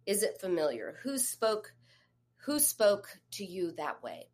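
Woman coach, mid-pitched voice, chatty advice talk that speaks straight to the listener. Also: huge pitch swings, slow pace, a little mellow. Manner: conversational, addresses listener directly with questions. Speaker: eating disorder therapist and coach.

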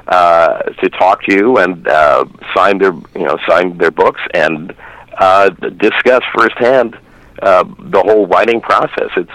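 Man, very low voice, dry close sound, eager phone guest, middle-aged. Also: a bit bright, no room sound, low-quality recording. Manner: chatty, enthusiastic, with fillers and restarts. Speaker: phone-in guest, western film reviewer. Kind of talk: casual chat.

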